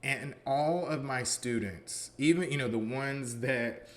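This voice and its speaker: A male college philosophy professor speaks slowly at a medium pitch, telling a story in a loose, conversational way. He says "you know" often and acts out the quoted dialogue of the people in it.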